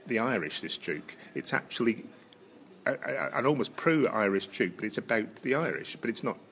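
A Scottish man with a Highland accent, chatting casually as a podcast co-host, rambling through restarts and chuckles. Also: big pitch swings, normal speed, a bit bright, a little hiss or hum. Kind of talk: casual chat.

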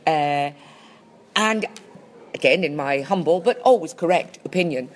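A woman's voice: low voice, measured pace, slight background noise. Dry, teasing woman podcaster. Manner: dry, teasing, precise and wordy. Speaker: podcast co-host. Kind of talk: casual comedic chat.

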